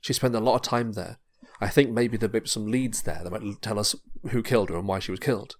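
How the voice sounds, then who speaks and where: A man's voice: lowish voice, fast, natural voice. A man voicing a young woman, a grieving daughter, who talks in an earnest, hesitant way. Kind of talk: podcast pitch, acted-out quote.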